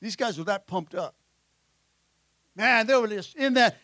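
High-voiced guy preaching hard, keeps saying amen, super bright sound, dry close mic. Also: measured pace, long pauses, no echo. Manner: energetic preaching, frequent "amen", acts out disciples' voices. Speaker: pastor. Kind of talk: sermon. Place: church sanctuary.

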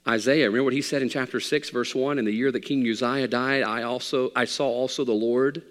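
A middle-aged man preaching a sermon as pastor, animated and rising to near shouts. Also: medium pitch, fairly quick, in a large hall. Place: church sanctuary.

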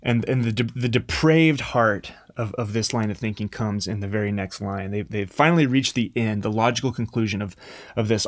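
A man's voice: on the low side, brisk, no echo. A man preaching a conversational sermon, earnest and plain-spoken, with frequent restarts.

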